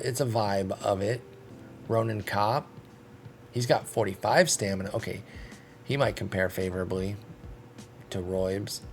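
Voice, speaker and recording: A man's voice: on the low side, creaky, slight background noise. A man casually commenting on a baseball management game, thinking aloud in a chatty, self-deprecating way. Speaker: video game streamer.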